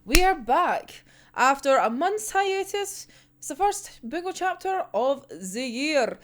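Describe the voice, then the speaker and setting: An excitable woman ranting about a manga chapter, swearing freely and breaking into laughter. Her voice is high, and her pitch leaps about with every outburst. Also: slow. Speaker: manga reviewer. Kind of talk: casual reaction ranting.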